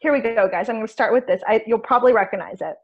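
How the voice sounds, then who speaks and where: A young woman in her twenties co-hosting a casual podcast chat over a video call, giggly and quick to break into laughter. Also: on the high side, lo-fi sound. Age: 20s. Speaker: podcast co-host.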